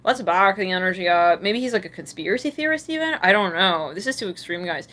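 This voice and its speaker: Woman tarot reader with a bright, crisp voice and a sassy, blunt streak; slangy, laughs a lot. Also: medium pitch, animated, fast talker. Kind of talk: live tarot reading for viewers.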